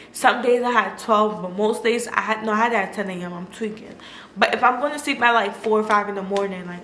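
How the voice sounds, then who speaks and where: A woman's voice: medium pitch, pushed and bright. Candid young woman in an echoey room. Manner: candid and emotional, filler-heavy, swears freely. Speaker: food vlogger. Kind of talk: casual storytelling vlog. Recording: echoey room with faint noise.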